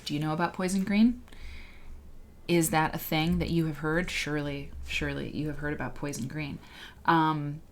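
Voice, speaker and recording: A woman with a deep, low voice hosts a relaxed livestream. She rambles and cuts herself off mid-thought, stopping to greet viewers by name. A faint noise sits under her voice. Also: moderate pace. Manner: rambling, chatty, self-interrupting. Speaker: livestream host. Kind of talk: casual livestream chat.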